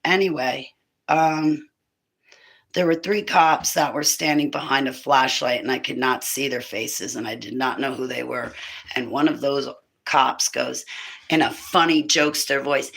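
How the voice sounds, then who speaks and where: A woman's voice: a bass voice, steady tone, unhurried, vocal fry, a bit bright, husky, rough recording. A woman in her fifties talking in a loose, rambling monologue about faith, breaking into laughter and emphatic preaching. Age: 50s. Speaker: speaker on spiritual warfare. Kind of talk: casual monologue.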